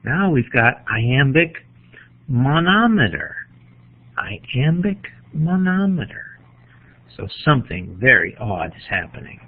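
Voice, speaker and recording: A man's voice: mid-range voice, big pitch swings, a little slow, slightly rough. A man teaching a poetry lesson, thinking aloud while he marks up a poem with a pen. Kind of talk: poetry lecture. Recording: tinny phone-like sound.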